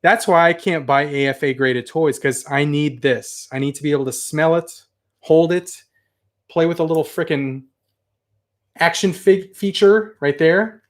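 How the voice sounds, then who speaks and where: A man's voice: on the high side, measured pace. Chatty man hosting a toy livestream. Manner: chatty, rambling, enthusiastic, mild swearing. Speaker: toy collector channel host. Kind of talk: casual livestream chat reading viewer comments.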